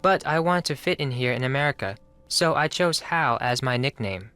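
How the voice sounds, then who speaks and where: A polite teenage exchange student with a Japanese accent for a mystery video game. He speaks in stiff, careful sentences at a middle pitch, with faint music underneath. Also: expressive, normal speed, sharp tone, smooth, no echo. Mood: earnest. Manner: formal, careful phrasing.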